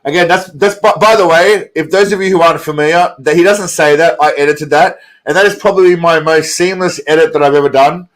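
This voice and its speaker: A man's voice: fairly high pitch, fairly even intonation, fairly quick, hardly any pauses. A tipsy man hosting a casual live stream, rambling, profane and repeating himself.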